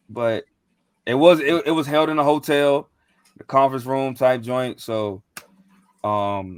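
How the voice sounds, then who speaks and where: A man's voice: mid-range voice, no room sound. Slangy young man telling a story. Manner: loose, slangy, rambling with many fillers and restarts. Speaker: podcast co-host. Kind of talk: casual storytelling chat.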